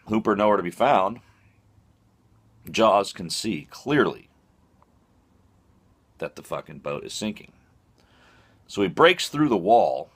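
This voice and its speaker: A man telling a comic, profane, rambling story full of fillers. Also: fairly low pitch. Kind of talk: comic monologue.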